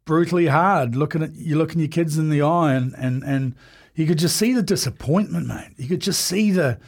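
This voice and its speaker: A man in his forties talks candidly as a podcast guest, his voice sitting a touch high for a man. He speaks earnestly and haltingly, full of ums, restarts and trailing thoughts. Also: darkish tone. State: emotional at times. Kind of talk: candid conversation.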